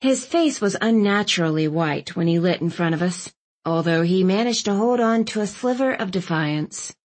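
A woman narrating a first-person audiobook in a wry, even storytelling manner. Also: on the low side, normal speed.

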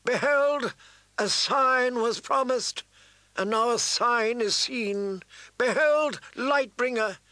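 A man's voice: very high-pitched, slow pace, bright, forceful tone, no echo, voice pushed up, heavily acted. A man voicing a fervent, commanding female priestess who chants her prophecies in a raised, incantatory voice. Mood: ecstatic invocation.

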